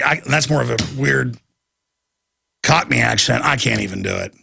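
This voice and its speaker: A man's voice: mid-range voice, normal speed, creaky, pauses often, pushed and bright, slight background noise. A man hosting a radio talk show with a heated rant, often repeating words as he gets worked up. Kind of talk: ranting radio monologue.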